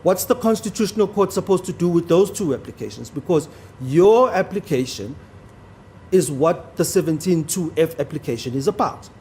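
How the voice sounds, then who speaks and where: A man's voice: a little high, lively intonation, normal speed, mellow, slight background noise. A man arguing a legal point before a judge in a courtroom, formal and deferential to the bench, stressing key words. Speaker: advocate.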